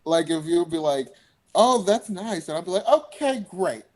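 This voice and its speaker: A man's voice: on the high side, moderate pace, darkish tone. A young man, a singer guest, telling stories in a casual interview chat and laughing often.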